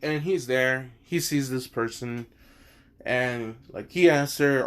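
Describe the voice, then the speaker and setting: A man's voice: mid-range voice, slow. A man casually retelling a fan story, rambling and swearing, with many fillers and asides.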